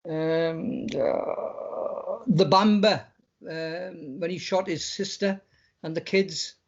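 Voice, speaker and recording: Man, high voice, rambling guest chat, dull lo-fi sound. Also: very slow, creaky. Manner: rambling, repeats words, stumbling restarts. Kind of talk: casual chat.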